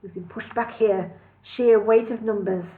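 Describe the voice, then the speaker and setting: A woman's voice: mid-range voice, steady tone, a little slow, natural voice. A woman voicing a composed male elf lord who speaks lightly and matter-of-factly, in a storybook reading. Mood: wry. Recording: tinny phone-like sound.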